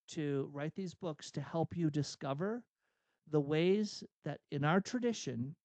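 A man's voice: a little high, warm tone, no room sound. A man hosting a Catholic radio talk, speaking earnestly and acting out inner dialogue as he preaches. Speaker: radio host and executive coach.

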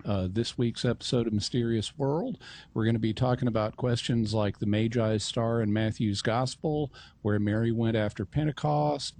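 A man answering questions as a radio show's regular expert, measured and precise with a dry wit. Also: medium pitch, warm tone. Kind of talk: explanatory talk-show answers.

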